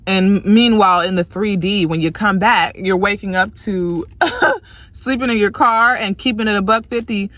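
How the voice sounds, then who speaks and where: A young woman, a tarot reader, venting to her viewers in a frustrated, profane rant, worn out and swinging from loud outbursts to low, tired muttering. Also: normal speed, no echo. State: exhausted.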